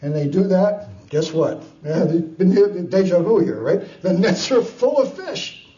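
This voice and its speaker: A man preaching a sermon, retelling scripture with lively storytelling, chuckles and frequent fillers. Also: high voice, a little slow. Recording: distant, dull, echoey room.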